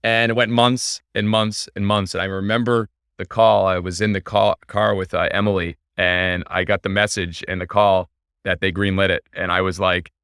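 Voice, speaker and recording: A man being interviewed on a podcast, telling his story in an eager, energetic way. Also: sits low, normal speed, clear, resonant tone, dry recording, studio quality. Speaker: podcast guest, baseball team owner. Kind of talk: casual interview chat.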